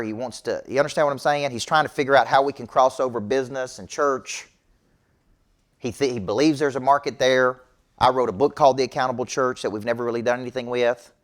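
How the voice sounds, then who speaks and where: Emphatic man coaching a crowd. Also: medium pitch. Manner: emphatic, preachy, repeats "okay?" to check in. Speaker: business coach. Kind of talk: motivational talk to an audience.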